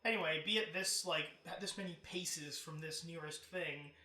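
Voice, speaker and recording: A man's voice: on the high side, moderate pace, roomy sound, distant mic. A man guesting on a podcast, chatting casually and animatedly about films and picking at plot holes. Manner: nitpicking, animated, swears casually.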